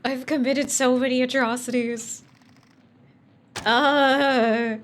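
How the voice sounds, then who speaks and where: A young woman streaming a video game, chatting casually in a playful, giggly, expressive way and swearing now and then. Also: medium pitch, normal speed.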